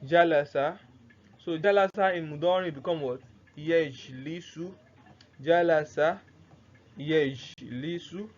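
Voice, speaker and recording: A man teaching Arabic grammar in a recorded lesson, often asking rhetorical questions and repeating words slowly. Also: fairly high pitch. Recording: dull lo-fi recording with faint noise.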